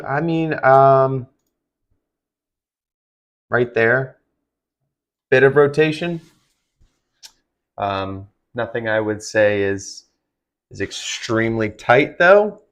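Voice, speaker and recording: A tired man hosting a live stream of severe weather coverage, talking in a rambling, conversational way with lots of fillers. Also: mid-range voice. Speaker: livestream weather host.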